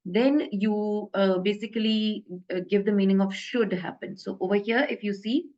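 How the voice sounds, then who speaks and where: A woman's voice: medium pitch, fairly even intonation, moderate pace, dark tone, muffled recording. A woman teaching an Arabic grammar lesson in a casual, hesitant way, full of fillers and self-corrections.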